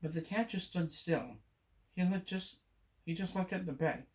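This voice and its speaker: A man reading a children's picture book aloud, often clearing his throat. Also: sits high, moderate pace. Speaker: reader.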